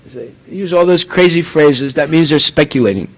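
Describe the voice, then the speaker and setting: A man's voice: on the high side, moderate pace, poor audio. A man from the United States preaching a sermon, emphatic and full of rhetorical questions.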